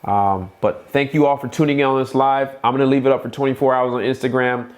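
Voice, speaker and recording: Male live-stream host, Boston accent, hyped and repetitive, medium pitch. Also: fairly even intonation. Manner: hyped, repetitive, quick restarts. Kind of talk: casual live-stream promotion.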